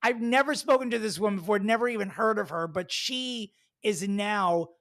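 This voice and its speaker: A man who is a comedian and podcast co-host, telling stories in an animated, rambling way and swearing freely. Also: sits high, normal speed, creaky, dry recording, clean studio sound. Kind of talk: casual chat.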